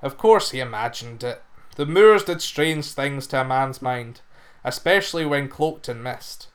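A man narrating a folk fairy tale in an expressive storytelling manner. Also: mid-range voice, a little slow.

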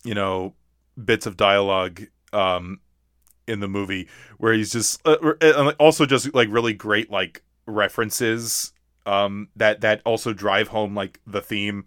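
A man's voice: on the low side, fairly even intonation, a little slow, fairly bright tone, smooth, no room sound, studio quality. A man co-hosting a casual movie talk, rambling with many restarts and fillers. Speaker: podcast co-host.

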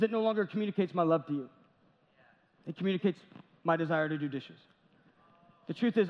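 High-voiced pastor preaching in a reverberant church. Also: male voice. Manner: conversational preaching with jokes and acted asides. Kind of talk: sermon. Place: large church sanctuary. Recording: dull audio with long church reverb.

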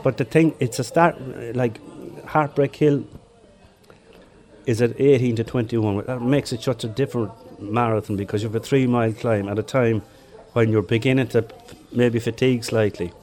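An older man with a Limerick Irish accent, a former marathon runner telling relaxed stories in an interview with chuckles along the way. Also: mid-range voice, moderate pace. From Ireland. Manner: chatty anecdotes with chuckles. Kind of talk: relaxed storytelling.

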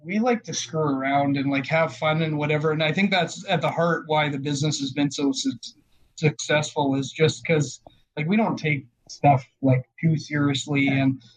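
A man's voice: on the high side, moderate pace, poor audio. A man chatting casually as a guest, rambling with lots of filler words. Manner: rambling, lots of "like" and "you know", laughs often. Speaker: guest, shop owner on TV show. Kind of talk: casual chat.

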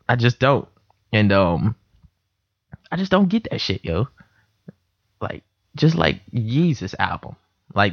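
Animated young man telling stories. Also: medium pitch, no echo. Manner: animated storytelling with voiced quotes. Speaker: podcast host. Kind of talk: casual chat. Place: room in a house. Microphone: computer mic. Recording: dull lo-fi home recording.

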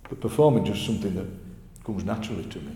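A man with a Yorkshire accent, a poet telling stories in a lively, chatty interview. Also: lowish voice, fast. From Yorkshire, England. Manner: chatty, animated storyteller, often laughing. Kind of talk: conversational interview. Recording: echoey room with long reverb.

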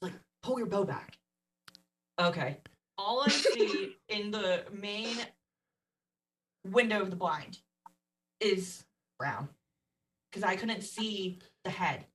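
A woman tells a personal story in a relaxed, conversational way. Her pitch stays mid-range for a woman. She laughs easily, and her voice jumps up when she acts out what other people said. She sits slightly away from the microphone. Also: slow, pauses often, distant mic, rough recording. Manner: animated, laughs often, acts out quotes. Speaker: podcast guest. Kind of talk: casual storytelling.

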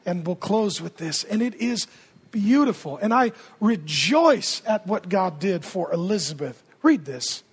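High-voiced, animated male pastor. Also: a little slow, breathy edge. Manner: animated, humorous, conversational. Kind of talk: sermon.

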